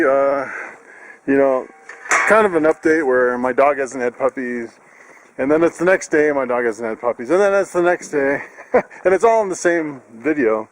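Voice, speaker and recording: Chuckling man vlogging from his farm. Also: a little high. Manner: chatty, laughs often, many fillers and restarts. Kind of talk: casual vlog narration. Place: outdoors on a farm.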